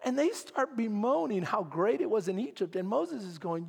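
A pastor with a very high, gravelly voice preaches a sermon, jumping into the voices of the people he quotes and shouting at the high points. His words ring out with a long echo through a church hall. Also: moderate pace, few pauses. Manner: animated preaching, acts out quoted complainers in a raised, shouting voice.

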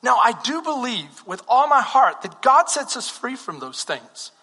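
A man preaching a sermon with fervor, firing off rhetorical questions and emphatic declarations. His voice is unusually high and bright. A long hall reverb trails behind each phrase. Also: very animated, unhurried, husky. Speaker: pastor.

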